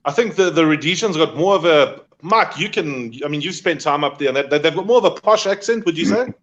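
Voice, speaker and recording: Playful man, high voice, muffled. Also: lively intonation, a little fast, fairly bright tone. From Zimbabwe. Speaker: guest. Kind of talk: casual video-call chat.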